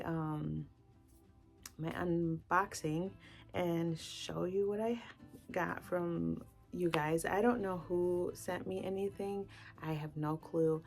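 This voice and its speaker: Gravelly low-voiced woman chatting about books. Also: a little mellow. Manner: gushing, with frequent "like" fillers. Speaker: book vlogger. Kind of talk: casual chatty book talk.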